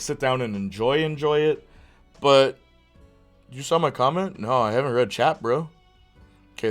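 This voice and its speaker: Excited man rambling on stream. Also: medium pitch. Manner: excited, rambling, geeking out over games. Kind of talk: casual chat on a live stream.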